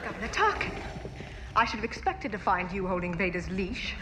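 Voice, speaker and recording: Actress as a defiant young princess, scornful, clipped, wavering English accent, old film audio, loud hiss. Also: female voice, medium pitch, big pitch swings, brisk, close to an everyday voice. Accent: wavering put-on English accent.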